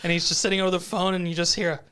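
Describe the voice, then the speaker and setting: Relaxed man chatting about anime. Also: high voice, very fast, smooth. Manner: relaxed, swears, retells scenes with quoted lines. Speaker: podcast co-host. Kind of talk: casual anime recap chat.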